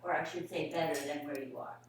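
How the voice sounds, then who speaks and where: A woman's voice: low-pitched, fairly even intonation, quick pace, a little hiss or hum. A woman attending a training session, making casual, joking remarks. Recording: echoey room audio.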